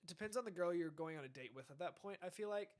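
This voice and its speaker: A young man with a fairly high voice chats casually on a podcast. He rambles, restarts sentences and lets his thoughts trail off as he reacts to dating advice. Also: animated, very fast. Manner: rambling, trailing off, self-correcting. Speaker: podcast host.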